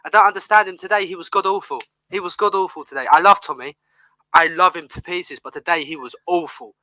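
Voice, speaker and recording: Brief: male guest, very bright sharp tone, fairly high voice, heated exasperated rant. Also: brisk, no room sound, poor audio. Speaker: panel guest. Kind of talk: casual heated fan rant.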